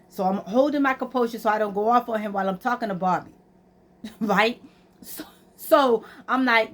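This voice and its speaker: A woman's voice: on the high side, moderate pace. A woman, casually telling a story to her vlog audience and acting out both sides of the conversations. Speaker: vlogger.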